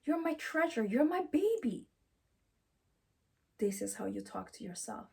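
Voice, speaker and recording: A woman's voice: fairly high pitch, sing-song, a little slow, vocal fry, warm tone, slightly rough. A woman giving a motivational self-help talk, emphatic and affirming, who repeats encouraging phrases and speaks English with slightly non-native grammar.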